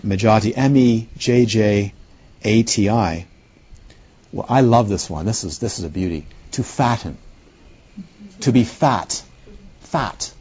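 A man giving a dharma talk as a meditation teacher, unhurried and playful, often turning questions back to the listeners. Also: fairly low pitch, darkish tone, breathy edge, highs cut off.

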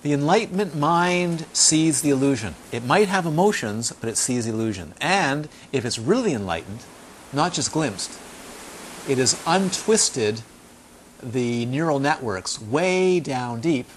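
A man of medium pitch speaks at a measured pace in an informal dharma talk, where as a meditation teacher he tells stories with animated flair, emphatic repetition, and acted-out voices for the people he quotes. There's a little hiss or hum.

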